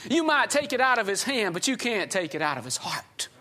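A man's voice: high-pitched, very animated, brisk, pushed and bright. A man preaching a sermon in a folksy storytelling way, often chuckling as he talks.

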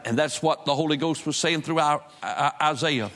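A male pastor praying and then preaching, reading scripture slowly and with emphasis. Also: a little high, fairly bright tone. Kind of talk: sermon with opening prayer.

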